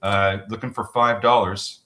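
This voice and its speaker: A man co-hosting a live trading show, talking through charts in a chatty, halting way. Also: lowish voice, flat delivery, sharp tone. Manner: chatty, halting, restarts with fillers, quick laughs. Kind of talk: live market commentary. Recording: roomy echo.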